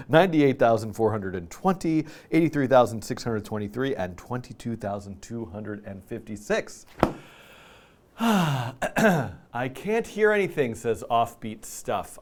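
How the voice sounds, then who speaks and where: A middle-aged man hosts a casual live stream, rambling playfully and poking fun at himself. His pitch swings widely from line to line. He sounds tired and slightly out of breath. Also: darkish tone. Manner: playful, rambling, self-deprecating. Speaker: host.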